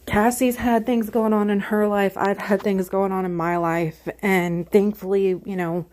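A woman podcast co-host giving a halting, heartfelt update with many fillers, close to tears. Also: medium pitch, flat delivery, darkish tone. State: emotional, holding back tears.

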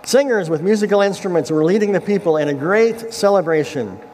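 Casual pastor preaching in an echoing hall. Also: male voice, high voice, expressive, a little fast, a little mellow, a little hiss or hum. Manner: retells scripture casually, checks in with the congregation. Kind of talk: casual conversational sermon. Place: church sanctuary. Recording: echoey hall with faint ambience.

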